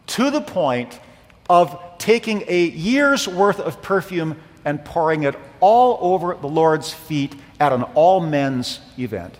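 A man preaching a sermon in a church, earnest, swelling on key phrases. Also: fairly high pitch. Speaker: pastor. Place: church sanctuary. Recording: long hall reverb.

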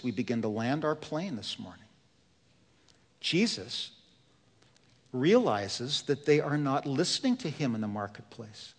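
A male pastor preaching a sermon in a slow, earnest and emphatic way. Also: medium pitch, in a large hall.

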